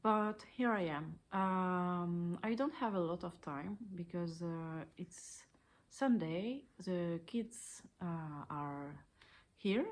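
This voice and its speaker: French woman, 30s, French accent, slow and unhurried, shy, casual home-filmed knitting vlog host. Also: lowish voice. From France. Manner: hesitant, many ums, a little shy on camera. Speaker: knitting podcaster. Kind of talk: casual video podcast chat. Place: her living room at home.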